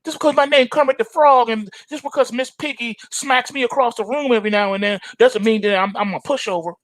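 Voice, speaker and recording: A man voicing a wary, nervous male frog with a high, whiny and suspicious voice. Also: a little fast, a bit bright, dry recording.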